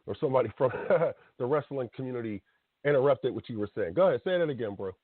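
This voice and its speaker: A man's voice: medium pitch, lively intonation, quick pace, dry recording. A man in his late thirties hosting a casual talk radio show, ranting bluntly and passionately with slang. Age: 30s. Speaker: podcast host. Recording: tinny phone-like sound.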